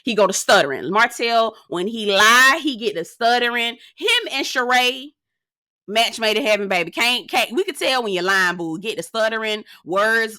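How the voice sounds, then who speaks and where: A woman's voice: on the high side, moderate pace, no echo, clean studio sound. A woman hosting a casual reality TV recap, telling it in an outspoken, sassy, profane and gossipy way. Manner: animated, gossipy storytelling. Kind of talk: casual commentary.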